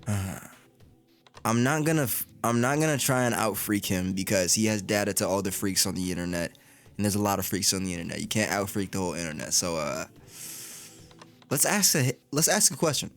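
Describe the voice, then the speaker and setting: A man's voice: on the low side, lively intonation, fairly quick, soft background music. Joking, profane man playing a game. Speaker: gaming content creator. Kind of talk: casual game playthrough commentary.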